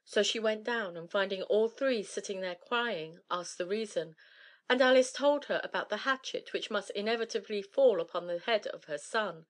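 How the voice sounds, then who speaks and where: A woman reads an old fairy tale aloud as narrator. Her pacing is steady and measured, and her voice sits at a middle pitch. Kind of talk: storybook reading.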